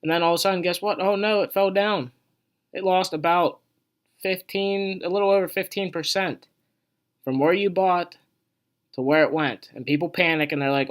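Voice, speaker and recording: A man's voice: sits high, moderate pace. A young man hosting an investing video, casually explaining a stock chart in a rambling, conversational way full of asides and filler words.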